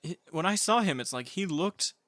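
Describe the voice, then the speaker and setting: A man co-hosting a casual podcast, his voice bright and forward. He chats loosely, laughing often and trailing off into fillers. The sound is dry and close to the mic. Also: a little high, lively intonation, normal speed, dry recording. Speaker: podcast co-host. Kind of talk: casual chat.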